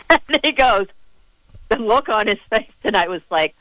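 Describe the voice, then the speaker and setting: A woman's voice: mid-range voice, lively intonation, moderate pace, a bit bright, dry recording, rough recording. A woman with a Boston accent calls in to a radio talk show. She is chatty and indignant, running through stories at length. Her voice is close and dry. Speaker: caller. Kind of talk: call-in radio chat.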